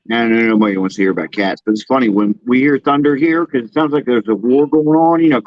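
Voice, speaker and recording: A man's voice: medium pitch, brisk. A man chatting casually on a live stream, easygoing, reading out chat messages. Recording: dry, dull lo-fi sound.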